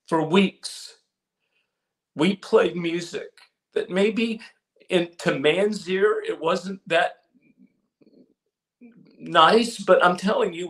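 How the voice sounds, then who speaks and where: Male preacher, somewhat high gravelly voice, earnest storytelling sermon, leans on repeated phrases. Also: fairly bright tone.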